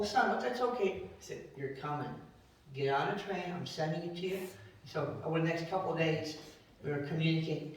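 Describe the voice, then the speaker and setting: A man giving a memorial eulogy, telling rambling family anecdotes and acting out the voices he quotes. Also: high-pitched. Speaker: eulogy speaker. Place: memorial service hall. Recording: very echoey hall, distant from mic.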